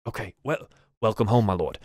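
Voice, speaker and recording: A man's voice: fairly low pitch, a little fast, a little mellow, no echo, clean studio sound, close to an everyday voice. A man voicing a deferential male city gate guard who keeps apologizing. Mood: apologetic. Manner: apologetic, bowing and scraping.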